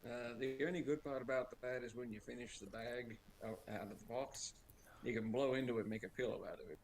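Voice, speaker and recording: A man chatting on a stream, rambling and crude and quick to laugh. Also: mid-range voice, fairly even intonation, slight background noise. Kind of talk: casual chat.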